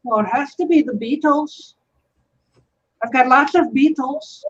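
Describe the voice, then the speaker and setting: A man's voice: very high voice, measured pace, a bit bright. A man hosting a casual video chat, rambling with lots of filler words. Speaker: host. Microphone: video call. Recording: dull lo-fi video call audio.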